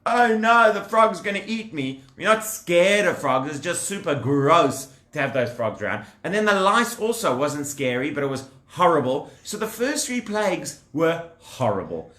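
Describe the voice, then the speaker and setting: Animated male storyteller for children with a high, bright voice, recorded in an echoey room. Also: moderate pace, few pauses. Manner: lively, animated, talks directly to the children with props.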